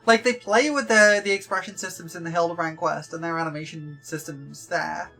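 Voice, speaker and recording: A young woman chats her way through a game stream. Her voice is bright and clear, rambling along with plenty of fillers and playful repeated jokes. Faint game music plays underneath. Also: lowish voice, steady tone, fairly quick. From Yorkshire, England. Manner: chatty and rambling, with lots of likes and ums. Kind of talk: casual livestream chat.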